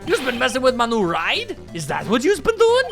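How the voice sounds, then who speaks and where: A man voicing a brash young tough-guy biker in a shaky Brooklyn accent, with loud, swaggering threats over game music. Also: very high voice, wildly swooping pitch, a little fast, vocal fry, voice pushed up, heavily acted. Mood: threatening. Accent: attempted Brooklyn.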